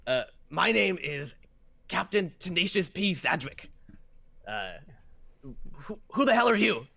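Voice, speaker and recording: A man's voice: sits high, big pitch swings, measured pace, creaky, husky, pitched above the performer's own voice, exaggerated voice. A man doing a surly demon ferry captain with a put-on British accent. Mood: sarcastic. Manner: sarcastic, exasperated, loud. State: hoarse.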